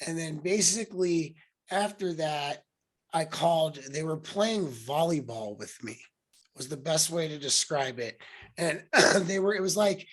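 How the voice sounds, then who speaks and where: A young adult man chats on his podcast in a fairly high voice. He tells stories with a lot of animation and leaps up in pitch and loudness whenever he quotes someone. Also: a little slow. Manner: animated storyteller, acts out quotes with sudden loud pitch jumps. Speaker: podcast host. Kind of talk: casual conversation.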